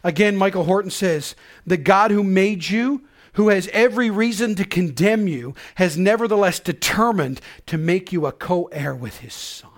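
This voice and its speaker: A man with a high, light voice preaches a sermon. He talks with earnest feeling, falling to near whispers and rising to loud calls. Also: lively intonation, normal speed, few pauses. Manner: earnest, swings from hushed to loud. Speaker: pastor.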